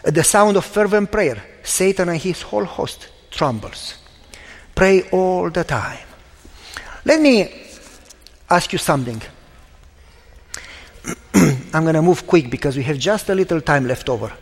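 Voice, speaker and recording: A man in his fifties preaches in a high, light voice, building his stories with emphatic repetition and sudden pauses. His words ring out with a long reverb, as in a large church hall. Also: animated. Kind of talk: sermon.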